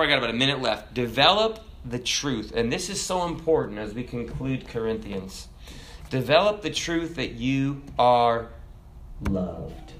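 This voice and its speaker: A middle-aged pastor in the middle of a sermon, talking plainly and conversationally to his congregation. His voice is average in pitch for a man. He swings often from loud, raised bursts down to quiet, low asides. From America. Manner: animated storytelling preacher, jumps loud and high then drops soft.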